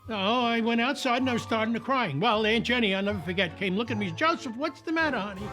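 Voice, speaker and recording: Old New man, lively anecdotal storyteller, high voice, soft music underneath. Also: fast. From New York. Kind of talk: documentary interview.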